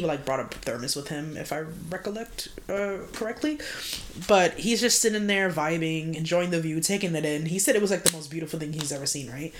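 A woman co-hosting a podcast, telling a story in casual slang and swearing constantly. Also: fairly low pitch. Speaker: podcast co-host.

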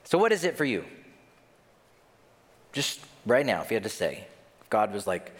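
A man's voice: fairly low pitch, very animated, moderate pace, pauses often, long reverb tail. A man preaching a sermon as pastor, who acts out voices and reactions of the people in his story. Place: church.

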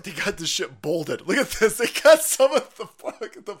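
A man hosting a live stream, pouring out a profane, mocking rant. His voice leaps up and down in pitch and breaks into angry shouted bursts. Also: very animated, moderate pace. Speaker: political streamer.

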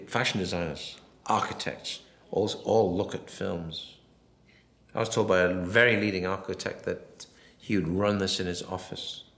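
Deep voiced man rambling through a film commentary, acts out the dialogue, roomy echo. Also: vocal fry, a bit bright. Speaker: film director.

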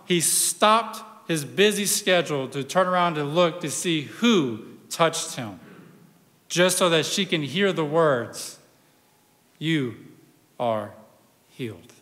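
A male pastor preaching a sermon, retelling a gospel story with dramatic pauses and hushed drops. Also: on the high side, lively intonation. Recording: long hall reverb.

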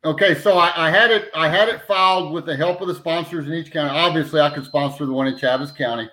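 Folksy male storyteller, slightly high voice, rambling and chatty. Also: fast talker, pushed and bright, low-quality recording. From New Mexico. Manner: folksy, rambling, repeats "anyway". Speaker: podcast guest, citizen petition organizer. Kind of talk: casual storytelling.

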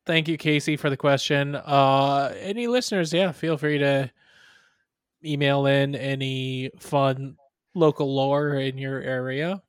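A man with an average-pitched voice co-hosting a podcast, hesitant and full of "um"s, his sentences trailing off quietly. The sound is dry and close. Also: a little slow, clear, resonant tone, no room sound. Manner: hesitant, many "um"s, trailing off softly. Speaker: podcast co-host. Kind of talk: casual chat.

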